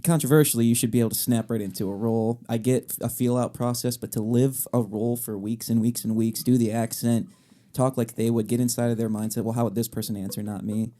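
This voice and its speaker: Warm-voiced young male podcast co-host. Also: medium pitch, fast. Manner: animated, jokey storyteller. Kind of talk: casual chat.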